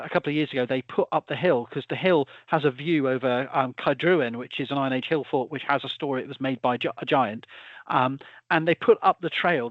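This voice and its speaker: A man's voice: mid-range voice, no echo, dull audio. A British man hosting a casual conversation, rambling with stammering restarts and chuckling asides. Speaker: host.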